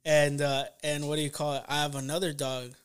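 A man's voice: a little high, level tone, brisk, clean tone. A young man chatting casually as a podcast guest, rambling and often stopping to search for words. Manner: rambling, often stalls with "what do you call it". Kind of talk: casual chat.

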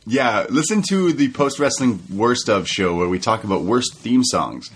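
Laughing, animated male podcast co-host. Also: medium pitch, moderate pace, husky. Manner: animated, laughs often, quotes wrestlers in raised mock voices. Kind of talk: casual wrestling recap chat.

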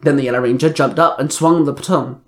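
A man's voice: mid-range voice, fairly even intonation, fast. A man reading an action story aloud, plainly, with small slips and restarts. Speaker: reader. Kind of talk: reading fan fiction aloud.

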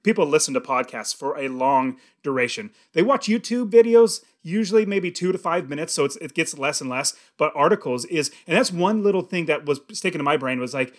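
A man's voice: a little high, animated, a little fast, few pauses, dry recording, studio quality. A middle-aged man hosting a podcast, talking earnestly and emphatically in a casual interview. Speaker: podcast host.

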